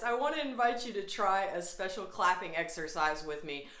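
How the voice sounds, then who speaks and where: A woman's voice: fairly low pitch, expressive, normal speed, hardly any pauses, a bit bright, echoey room. A woman from Atlanta, Georgia, leading a guided laughter yoga class in a cheerful, inviting way. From Atlanta, Georgia, USA. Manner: cheerful, inviting instructor who chants and laughs along.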